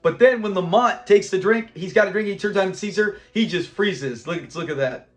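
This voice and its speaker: Reviewing a sitcom episode in a relaxed way, a man brings the scenes to life, quotes the characters, and laughs a lot. He speaks briskly in a high voice.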